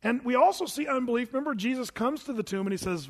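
A man's voice: very high-pitched, animated, fast, a bit bright. A man preaching a sermon in a conversational way, asking the congregation questions and adding wry asides. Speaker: pastor. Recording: long hall reverb.

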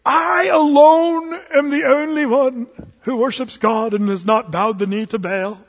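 A man putting on a British accent to voice a biblical prophet in a sermon, slow and grandly theatrical. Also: very high voice, steady tone, in a large hall, muffled recording, voice pushed up. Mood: grandiose. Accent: put-on British. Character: biblical male prophet, posh and dramatic.

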